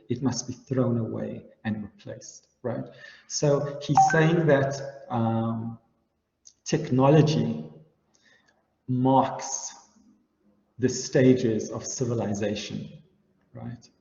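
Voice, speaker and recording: In an echoey lecture hall, a man gives a university lecture, explaining ideas step by step and checking in with listeners by asking "right?" often. His mid-range voice has a dark tone and some vocal fry, and the sound is dull and lo-fi.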